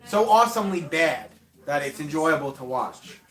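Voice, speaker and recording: A man with a high voice runs a casual baseball watch-along from a room at home, calling pitches between rambling asides. He talks loosely and swears freely. The sound carries a roomy echo. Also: lively intonation, normal speed, a bit bright. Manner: chatty, profane, drifts off topic. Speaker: livestream watch-along host. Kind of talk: casual play-by-play commentary.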